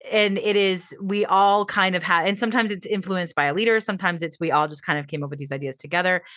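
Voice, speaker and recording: A woman co-host walks through a story in a rambling, conversational manner. Her voice sits fairly low, and the recording is close and dry with no room sound. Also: a bit bright, dry recording. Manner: rambling explainer, frequent restarts and hedges. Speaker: podcast co-host. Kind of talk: casual chat, explaining a story.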